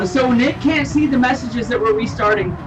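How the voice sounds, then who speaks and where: A woman's voice: a little high, moderate pace, muffled recording. A woman hosting and commentating a live online racing event in a chatty, joking way. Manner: chatty, laughing, playful asides. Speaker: race host and commentator. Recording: distant mic with faint noise.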